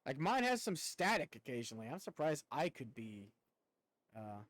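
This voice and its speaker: A young streamer with a slight rural Southern twang chats casually with viewers while playing a game, rambling and swearing now and then. His medium-pitched voice is sing-song and fairly bright at a moderate pace, with no room sound but poor audio.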